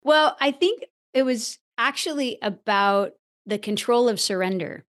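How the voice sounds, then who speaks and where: Earnest woman, expressive interview guest. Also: fairly high pitch, unhurried. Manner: earnest, expressive, stretches key words. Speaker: podcast guest, spiritual teacher. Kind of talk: reflective interview talk.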